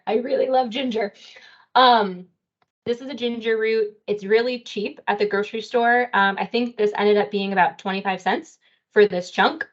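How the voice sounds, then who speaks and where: A woman's voice: on the high side, moderate pace, highs cut off. Woman explaining a cooking demo. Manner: friendly step-by-step explaining with fillers. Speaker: dietitian teaching a cooking class. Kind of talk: casual cooking demonstration.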